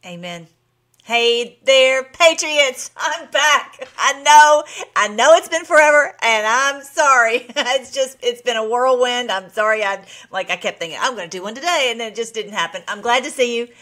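A woman's voice: on the high side, animated, normal speed, bright, forceful tone. A woman hosting her own video blog, chatting casually and bubbly with her viewers and laughing often. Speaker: vlog host.

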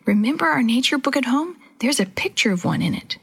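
A woman's voice: high voice, very animated, brisk, gravelly, fairly bright tone, husky, voice pushed up, heavily acted. A woman voicing a cheeky, teasing young boy. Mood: playful. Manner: teasing, playful.

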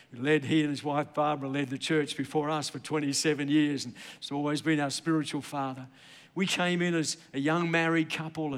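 High-voiced preacher in a reverberant hall. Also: male voice, a bit bright. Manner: emphatic storytelling preacher with repeated "I gotta tell you". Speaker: pastor. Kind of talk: sermon. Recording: long reverb of a large hall.

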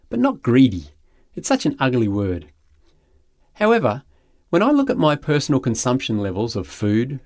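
A man preaching a sermon, telling a story with drama and reading scripture aloud, pausing for effect. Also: lowish voice, no room sound, clean studio sound. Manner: expressive storytelling with dramatic pauses. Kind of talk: sermon mixing film recap and scripture reading.

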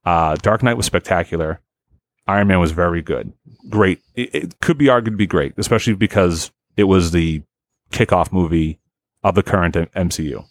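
A man hosting a casual podcast, ranting in an exasperated, profane, animated way. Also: low-pitched, moderate pace, no room sound. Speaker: podcast host.

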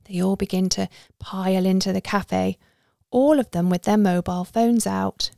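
A woman's voice: medium pitch, fairly even intonation, moderate pace, gravelly, a little mellow, no room sound, studio quality. A woman narrating a story in a conversational first-person way.

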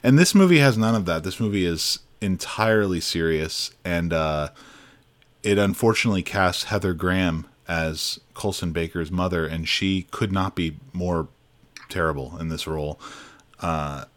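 A man's voice: low voice, moderate pace. A man co-hosting a film podcast, giving casual, opinionated reviews and laughing easily.

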